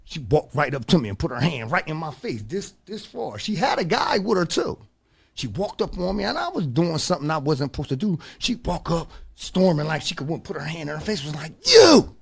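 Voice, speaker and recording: Talk-show host, male, gravelly and lively, high-leaning, emphatic storyteller. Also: a little fast. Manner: animated and emphatic, says "bro" often. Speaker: podcast host. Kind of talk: casual storytelling.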